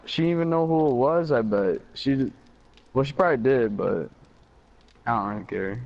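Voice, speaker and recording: A man's voice: mid-range voice, normal speed, a little mellow. Young Michigan guy on muffled party chat, easygoing and rambling, mid-range voice. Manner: laid-back storytelling with fillers and swearing. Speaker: gamer chatting on a live stream. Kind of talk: casual chat. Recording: slightly dull party-chat audio.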